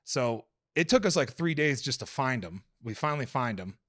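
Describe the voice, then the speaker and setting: A man in a casual podcast chat who tells stories in a loose, rambling way, full of swearing and fillers. His pitch sits in an ordinary middle range, and the recording is dry and close with no room echo. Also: expressive, moderate pace, fairly bright tone. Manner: profane, rambling storyteller with many fillers.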